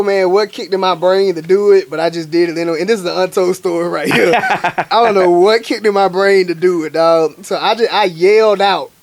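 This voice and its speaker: Young guy from alabama telling chef stories, animated, tons of slang fillers, kinda high pitched. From Montgomery, Alabama, US. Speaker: guest chef. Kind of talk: casual storytelling.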